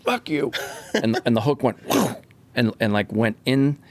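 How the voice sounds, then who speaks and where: A man, a fishing charter captain, telling a story in a casual, animated way, acting out the voices as he goes. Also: mid-range voice, slow. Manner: animated, acts out voices, swears freely.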